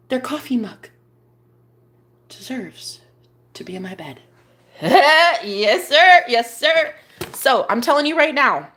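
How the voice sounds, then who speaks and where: Chatty young woman, animated and profane. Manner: profane, rambling, swings to high exclaiming rants. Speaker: vlogger. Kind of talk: casual chat.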